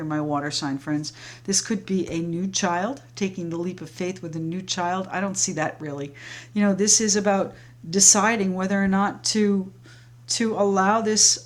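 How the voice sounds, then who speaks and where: A woman doing a tarot reading, talking in a flowing, reassuring way straight to her viewers as friends. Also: fairly low pitch. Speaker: tarot reader. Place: home, sage burning nearby.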